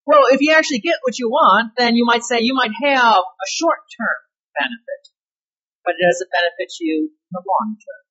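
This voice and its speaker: A woman's voice: a little high, lively intonation, moderate pace, fairly bright tone, slightly rough, lo-fi sound, faint music behind. A woman pastor preaching a sermon in an emphatic way, stressing key words and asking rhetorical questions.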